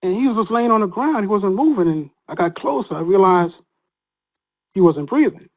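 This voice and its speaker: A man's voice: high voice, expressive, muffled recording. Earnest man telling a personal story. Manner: earnest, halting, with many repeated restarts. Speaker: guest sharing a personal story.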